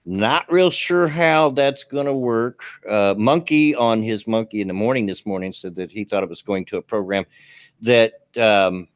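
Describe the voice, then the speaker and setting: A man's voice: lowish voice, normal speed, no room sound, studio quality. A man co-hosting a live stream, talking in a folksy, rambling way and laughing easily. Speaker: co-host of a live stream show. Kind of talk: casual live stream chat.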